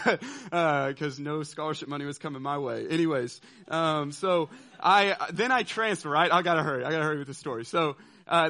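Animated man telling a story. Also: on the high side. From southeastern United States. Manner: animated, laughing, checks in with listeners. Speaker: speaker telling a personal story. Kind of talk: storytelling talk.

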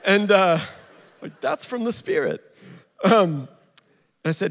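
A man in his thirties shares his testimony in a loose, chatty way, full of fillers and asides. His slightly high voice carries the long reverb of a big church hall. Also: lively intonation, slow pace, creaky. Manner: casual, chatty storyteller with many fillers. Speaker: speaker sharing his testimony at a recovery ministry. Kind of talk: humorous testimony talk.

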